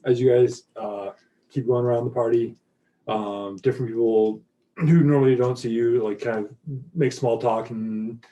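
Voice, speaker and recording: A man narrating as game master in a tabletop role-play, describing scenes with a relaxed manner and frequent pauses filled with uh and um. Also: medium pitch, far from the mic, lo-fi sound.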